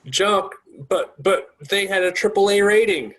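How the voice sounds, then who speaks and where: A man's voice: sits high, unhurried, a bit bright. A man reading the part of a worried village leader who keeps asking earnest questions on a video call. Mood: questioning.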